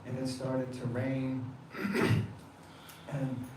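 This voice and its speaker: A man's voice: medium pitch, drawn-out words. Man telling a devotional story in a reverberant temple. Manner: animated storytelling, frequent laughter. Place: temple hall. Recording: echoey hall, distant mic, faint noise.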